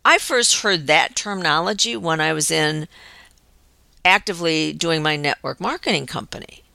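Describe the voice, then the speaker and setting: An older woman hosting her own show, chatting through a personal story in an animated, storytelling way. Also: deep voice, moderate pace, vocal fry, no echo. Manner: chatty, animated storyteller acting out quoted voices. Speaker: show host.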